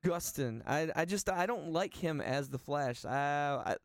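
A man in casual podcast conversation, rambling and animated with plenty of swearing. His voice sits a little high, and the recording is close and dry with no room sound. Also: measured pace, dry recording. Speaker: podcast co-host. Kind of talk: casual chat.

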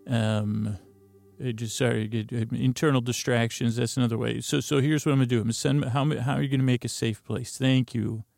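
Creaky rambling man hosting a sleep podcast. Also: medium pitch, fairly even intonation, fairly quick, a little mellow, no room sound, soft background music. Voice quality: creaky, gravelly. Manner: meandering, self-correcting, drowsy digressions with many fillers. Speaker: podcast host. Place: closet. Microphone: close studio mic.

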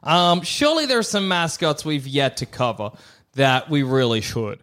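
A man co-hosting a comedy podcast, excitable and jumping in with quick reactions. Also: on the high side. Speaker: podcast co-host.

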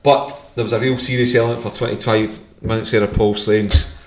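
A man's voice: lowish voice, flat delivery, a little fast, reverberant. A man hosting a podcast, upbeat as he thanks guests and signs off. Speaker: podcast host. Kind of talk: closing a podcast.

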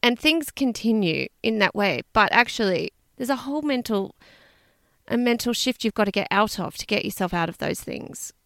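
A woman's voice: a little high, lively intonation, moderate pace, a bit bright, no echo, studio quality. An Australian woman co-hosting a podcast in casual chat, chatty and laughing often, swearing freely. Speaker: podcast co-host.

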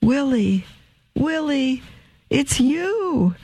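A tender, doting mother pleads softly in a high, lifted voice, as a man reading a radio story puts her on. Her speech is slow and gentle, with a gravelly edge underneath. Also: animated, dry recording, full character voice, low-quality recording. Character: loving, tender mother welcoming her lost son.

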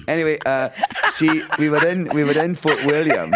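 A Scottish man in his fifties, a talk show guest with a voice of middle pitch. He chats in a loose, anecdotal way. He acts out the people in his stories and laughs often. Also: quick pace, hardly any pauses, slight background noise. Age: 50s. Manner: lively storyteller who acts out quotes, laughing often. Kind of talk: casual anecdotal chat.

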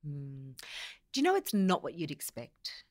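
A woman's voice: low voice, huge pitch swings, measured pace. An Australian woman, a romance coach and podcast guest, chatting casually and laughing often in an old pub. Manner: warm, upbeat, laughs often.

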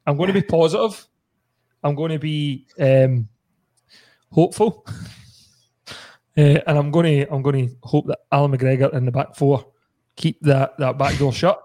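Scottish man, podcast host, bit high-pitched, loose banter with lots of laughs. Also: moderate pace, long pauses, warm tone. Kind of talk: casual chat.

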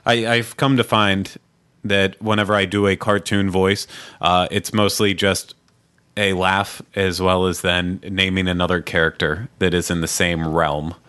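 A man hosts a loose, jokey podcast chat in a fairly low, bright voice. He rambles, laughs often and keeps things casual with his co-hosts. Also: flat delivery, measured pace, smooth. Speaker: podcast host.

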